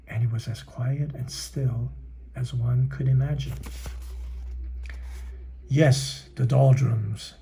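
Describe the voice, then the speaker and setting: Here a man with a warm, mid-range voice serves as reader and teacher, going slowly through a children's book. Now and then he breaks off to explain words in another language, and at times his voice falls to a whisper.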